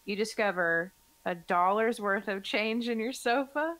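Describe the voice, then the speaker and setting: A woman's voice: mid-range voice, a little slow, a bit bright, no room sound. A woman hosting a casual podcast chat, reading out questions playfully and laughing often. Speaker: podcast host asking the questions.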